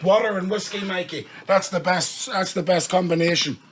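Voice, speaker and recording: A hoarse man with a Northern Irish accent, hosting a podcast and bantering casually with fillers. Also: high-pitched, a little hiss or hum. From Northern Ireland. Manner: laid-back banter, drawn-out fillers. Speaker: podcast host. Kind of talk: casual chat.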